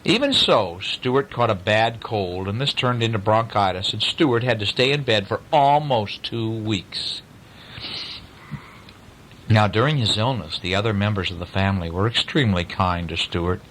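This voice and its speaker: A man's voice: lowish voice, normal speed, fairly bright tone, slight background noise, rough recording. A man reading a bedtime story aloud to a child, with coaxing asides to the listener.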